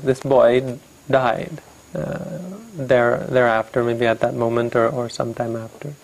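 Gravelly, halting Buddhist storyteller man. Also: medium pitch, darkish tone, low-quality recording. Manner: halting, self-correcting, reflective. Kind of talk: storytelling dharma talk.

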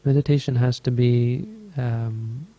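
In a dharma talk, a Buddhist meditation teacher tells a story in an easygoing, rambling way, often correcting himself. His mid-range voice is slow, mellow, and steady in tone.

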